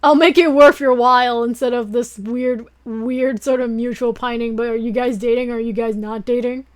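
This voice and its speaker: A young woman with a notably high voice chats casually on a late-night stream. She rambles from one thought to the next, giggling and gushing with excitable energy as she talks to her viewers. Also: moderate pace.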